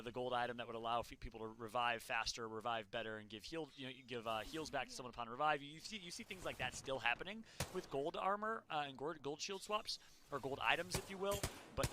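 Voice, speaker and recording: A man doing energetic play-by-play commentary as an esports caster, rising to shouts on eliminations. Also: mid-range voice, a little hiss or hum.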